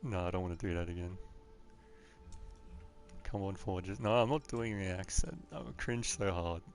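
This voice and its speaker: Soft music sits under the low, darkish voice of an Australian man streaming a game. He talks at normal speed, chatting casually about the gameplay and wandering into rants.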